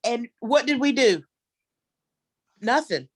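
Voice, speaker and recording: A woman's voice: on the high side, animated, slow pace, no echo. Brash, profane woman comedian. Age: middle-aged. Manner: brash, profane, rambling with fillers. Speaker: headlining comedian. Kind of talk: stand-up set on a video call.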